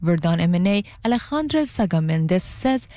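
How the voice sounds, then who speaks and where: A woman reporter reading a scripted news piece with steady, clear narration. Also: lowish voice, a little fast, dry recording.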